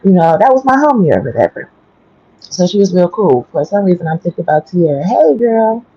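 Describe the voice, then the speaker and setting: A low, husky woman, just awake and chatting quietly on an early-morning livestream from home. Her voice is mellow and sits close and dry on a dull, lo-fi stream. She rambles loosely from one thought to the next. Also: animated, quick pace, no room sound. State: just woke up. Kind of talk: casual storytelling livestream. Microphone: headphones with mic.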